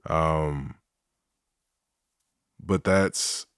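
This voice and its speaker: A man with a very deep, low voice, talking as a guest on a podcast. He speaks in a measured, open way and slips in dry jokes. The recording is close and dry. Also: a bit bright, clear, resonant tone, dry recording. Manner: measured, candid, dry humor. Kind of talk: casual interview chat.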